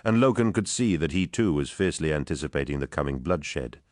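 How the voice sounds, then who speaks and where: Brief: male audiobook narrator, extremely deep, bone-dry close studio read, measured. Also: animated, a little mellow, no room sound.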